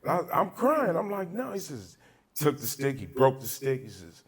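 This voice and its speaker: His voice sits on the high side, husky, with huge swings in pitch at a normal speed. He's a podcast host from Altadena, Southern California, spinning casual, profane stories and acting out everyone involved.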